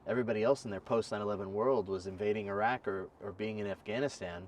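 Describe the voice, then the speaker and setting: A fairly low-pitched man in his thirties hosts a casual interview, chatty and animated, quick to laugh. His voice sits a little back from the microphone, with a faint hiss underneath. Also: far from the mic. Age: 30s. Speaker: podcast host.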